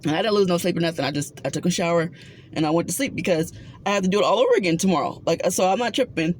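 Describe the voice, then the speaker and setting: A woman who works as a psychiatric technician, casually telling a story from her job in a rambling, animated way, with plenty of fillers and acted-out dialogue. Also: fairly low pitch, very fast, a little hiss or hum. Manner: acts out others' words in reported dialogue.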